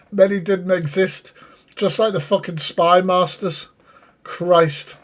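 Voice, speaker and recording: A man's voice: sits high, pushed and bright. A man giving sweary, exasperated live reaction commentary and talking to his chat. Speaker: streamer reacting to a live stream.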